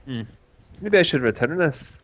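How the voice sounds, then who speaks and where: A man's voice: on the high side, expressive, normal speed. A man playing in a tabletop game, laid-back and chuckling as he describes his character's actions. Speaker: player. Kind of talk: tabletop role-play chat. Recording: slightly dull, lo-fi mic.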